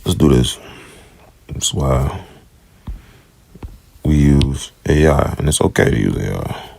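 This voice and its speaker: A man teaching Hebrew letters in a casual lesson, thinking aloud and repeating sounds slowly. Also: very deep voice, lively intonation, vocal fry, a little mellow. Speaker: self-taught Hebrew teacher. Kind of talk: casual screen-share lesson.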